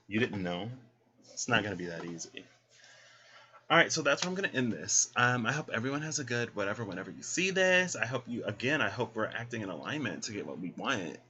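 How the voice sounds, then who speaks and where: A man's voice: fairly low pitch, very animated, a little fast, bright, forceful tone. Sassy, chatty male tarot reader. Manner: sassy, chatty, talks to the listener as "girl". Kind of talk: casual tarot reading talk. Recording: dull lo-fi sound.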